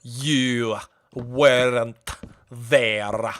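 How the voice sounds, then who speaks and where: Davy Jones, a man doing a slow Scottish-tinged growl. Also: medium pitch, fairly even intonation, fairly bright tone, slight background noise, voice pushed down. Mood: brooding menace. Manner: slow, heavy, dramatic drawl. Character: menacing cursed male sea captain, grim and brooding. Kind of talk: impression during a livestream.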